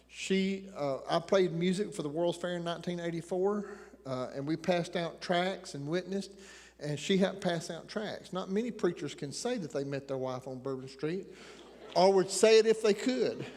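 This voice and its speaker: A man's voice: sits high, moderate pace, gravelly, a little mellow. A man in his sixties with an Appalachian accent, preaching a folksy sermon full of jokes and rambling asides. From Tennessee mountains, Appalachia. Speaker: pastor. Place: church sanctuary. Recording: long reverb of a church hall.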